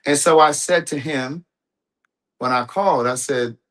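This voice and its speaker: A man's voice: a little high, a little slow, a bit bright. Chatty man telling a story to his viewers. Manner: rambling, with restarts and asides to the audience. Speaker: livestream host. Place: his home.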